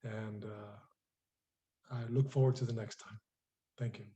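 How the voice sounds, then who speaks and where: A man's voice: fairly low pitch, steady tone, measured pace, warm tone. A man on a video call giving an earnest closing blessing to a prayer circle.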